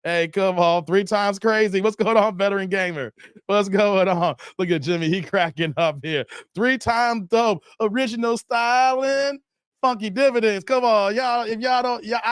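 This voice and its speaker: A man's voice: high-pitched, smooth, no room sound, clean studio sound. A middle-aged man hosting a live stream in casual chat, joking and laughing often. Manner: jokey, laughs often, animated.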